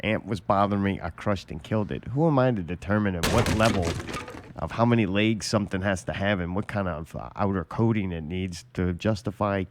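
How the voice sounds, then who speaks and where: A man's voice: deep voice, brisk. A man co-hosting a podcast in casual, blunt and profane chat, laughing often. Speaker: podcast co-host. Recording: noisy background hiss.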